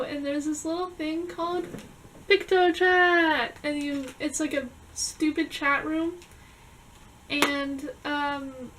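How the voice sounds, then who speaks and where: High-voiced young woman telling dreams. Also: fairly bright tone, recorded from a distance, a little hiss or hum, low-quality recording. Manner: chatty storytelling with quick asides. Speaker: vlogger. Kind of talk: reading a dream journal to camera.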